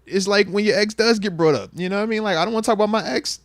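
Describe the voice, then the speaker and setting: A man hosting a casual sports talk show, playful and animated, often laughing and repeating himself. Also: sits high, racing, dry recording, clean studio sound. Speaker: podcast host.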